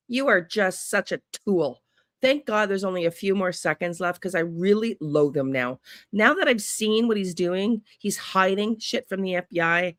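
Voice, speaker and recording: A woman's voice: mid-range voice, animated, normal speed, fairly bright tone, no room sound, clean studio sound. A woman hosting a true crime channel, ranting bluntly and sarcastically and swearing often. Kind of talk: angry profane rant to camera.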